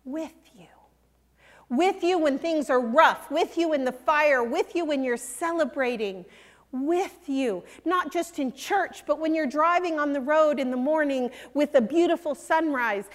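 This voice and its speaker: An older woman preaching a sermon, earnest and emphatic, sometimes dropping to a hush. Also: high-pitched, moderate pace. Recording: long hall reverb.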